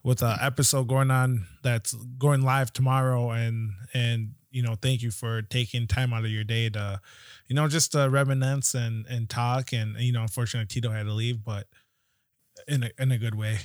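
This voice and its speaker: A man's voice: mid-range voice, little pitch movement, normal speed, dry recording, studio quality. Laid-back man hosting a podcast. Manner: laid-back, swears casually. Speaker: podcast host. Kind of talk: casual chat.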